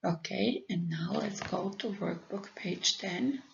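A woman's voice: medium pitch, slow, gravelly. A woman teaching an English lesson, giving patient step-by-step instructions. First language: Croatian. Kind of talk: recorded lesson narration. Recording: dull lo-fi recording, faint room hum.

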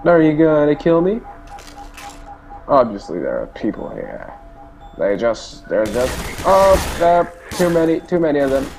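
A man's voice: on the high side, big pitch swings, measured pace, over music. A young man giving goofy, boastful let's play commentary, whooping and cheering as he plays. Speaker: gamer. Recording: game sounds and engine noise behind.

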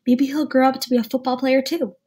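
A woman reading as a soft-spoken young mother. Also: high-pitched, fairly even intonation, brisk, breathy edge, voice pushed up. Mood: fond. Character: brave young widowed mother. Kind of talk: read-aloud storybook dialogue.

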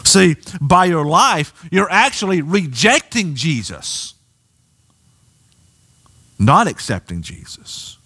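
Southern pastor preaching in church, swoops all over, gets loud. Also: male voice, a little high, slow, pauses often, breathy edge. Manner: animated preaching, rising to near shouts. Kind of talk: sermon. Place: church sanctuary.

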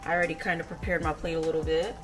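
A woman's voice: low voice, little pitch movement, racing, soft background music. A woman vlogging a story from home, ranting in a heated, profane way. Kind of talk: storytime vlog. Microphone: camera.

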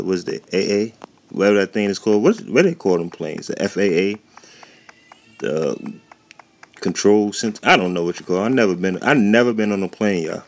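A man with a low, deep voice talks casually over a game, rambling and often losing his thread. His voice has a gravelly, creaky edge. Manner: rambling, chatty, loses his train of thought. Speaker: gaming YouTuber. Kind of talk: casual gameplay commentary. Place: warm indoor room at home.

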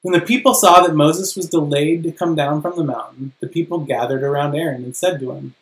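Pastor preaching in a church, dramatic and emphatic, middle pitch, lots of room echo. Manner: dramatic, emphatic preaching with slow stressed phrases. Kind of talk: sermon.

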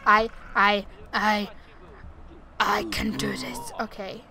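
A woman's voice: mid-range voice, little pitch movement, takes it slowly, gravelly, over a noisy crowd. A woman doing chatty let's play commentary at home on a desktop mic, narrating her moves and often laughing. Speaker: gaming YouTuber. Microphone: desktop USB mic.

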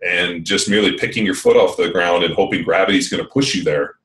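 A man's voice: low voice, quick pace, fairly bright tone, roomy sound, distant mic, slight background noise, rough recording. A man hosting a podcast in casual chat, rambling and swearing freely, with lots of fillers. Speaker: podcast host.

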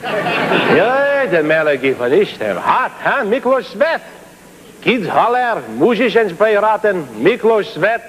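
A hustling Hungarian kids' show host who plugs wine between bits, as a man puts him on. He mutters in broken English, slow and sing-song with wide pitch swings. It all sits in a noisy old TV broadcast. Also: sing-song. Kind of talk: 1950s live TV sketch comedy.

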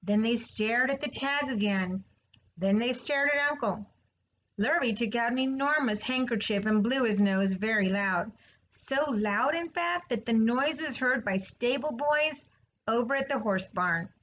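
Teacher reading a story aloud, higher voice. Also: female voice, highs cut off, slight background noise. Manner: slow, clear and expressive. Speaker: third grade teacher.

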